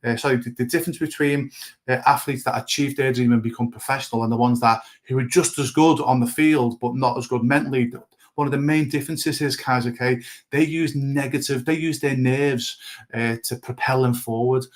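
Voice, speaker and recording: Earnest man coaching in a flat voice. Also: mid-range voice, fairly quick. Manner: repetitive, peppers talk with "guys, okay". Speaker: goalkeeper coach. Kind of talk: motivational coaching talk.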